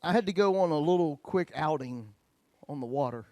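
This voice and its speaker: A man preaching a sermon as a pastor, telling a personal story in a folksy, joking way and swinging between loud and hushed. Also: fairly high pitch, expressive, normal speed, no echo.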